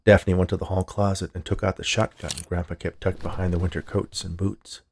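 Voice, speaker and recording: A man narrating a horror story in a measured storytelling manner. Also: sits low, flat delivery, a little mellow, slight background noise.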